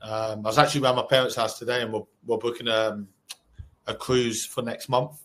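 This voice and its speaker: A man hosting a live online Q&A, reading out viewer questions and firing back answers. His voice sits at an ordinary, mid pitch. He talks in a hyped, sweary, pep-talk manner. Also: little pitch movement, brisk, fairly bright tone. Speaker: co-host.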